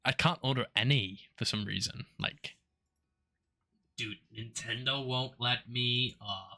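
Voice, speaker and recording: Male streamer, blunt and profane, bright voice, dead-dry mic. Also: medium pitch, unhurried, dry recording. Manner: cursing, exasperated, repeats himself. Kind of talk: casual stream chat.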